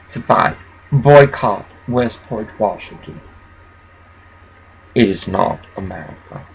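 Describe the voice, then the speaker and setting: A man with a gravelly, rough-edged voice, slightly husky and never quite clear. He rants unhurriedly through a profane, rambling vlog monologue. His thoughts jump around, and short chuckles break in. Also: lowish voice, lively intonation, slow pace, rough recording. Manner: ranting, profane, scattered, with chuckles. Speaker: vlogger.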